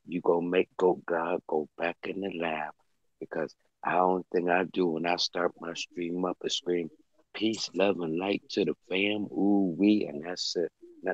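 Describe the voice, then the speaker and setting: A man chatting casually as a livestream guest, loose and excitable, talking off the cuff. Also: low-pitched, no echo. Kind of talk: casual chat. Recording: dull lo-fi sound.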